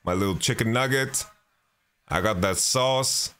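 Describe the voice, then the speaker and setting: A man with a somewhat low, slightly slow voice and a sharp, clean tone hosts his own podcast. He tells a travel story in a loose, rambling way, swearing freely, restarting sentences often, and saying "you know" a lot.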